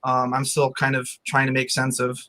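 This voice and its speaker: A man's voice: mid-range voice, monotone, normal speed, bright, forceful tone. A man in his thirties, a guest author chatting casually with a loose, filler-heavy way of talking. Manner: laid-back, full of "like" and fillers. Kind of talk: casual chat.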